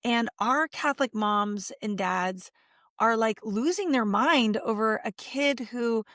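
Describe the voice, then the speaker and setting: A woman's voice: fairly high pitch, slow pace, no room sound, clean studio sound. A middle-aged woman, a Catholic speaker and author, talking as a guest in an interview and telling stories with acted-out quotes. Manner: animated storytelling, acts out quotes. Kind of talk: conversational interview.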